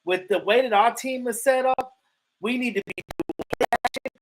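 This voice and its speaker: High-voiced, animated livestream sports talker. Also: male voice, moderate pace, over loud music, low-quality recording. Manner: animated, profane trash talk with frequent stammered restarts. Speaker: livestream host. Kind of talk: casual sports talk.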